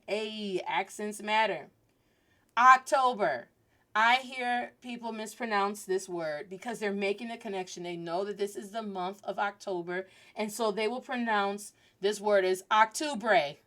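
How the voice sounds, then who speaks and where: A woman in her thirties hosting a casual podcast lesson, chatty and lively, switching into Spanish phrases as she teaches. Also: mid-range voice.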